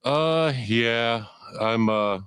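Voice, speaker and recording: A man's voice: mid-range voice, drawn-out words, fairly bright tone, clear, resonant tone, dry recording, studio quality. A man chatting casually as a guest on a stream. He is congested from a cold and talks in a laid-back, shrugging way. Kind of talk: casual chat.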